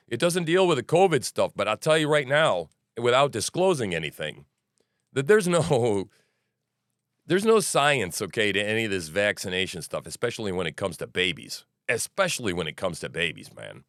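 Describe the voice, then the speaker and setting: A man's voice: fairly low pitch, very animated, normal speed, a bit bright, no room sound, studio quality. A middle-aged man hosting a podcast, rambling through news commentary with profanity, restarts and asides. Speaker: podcast host.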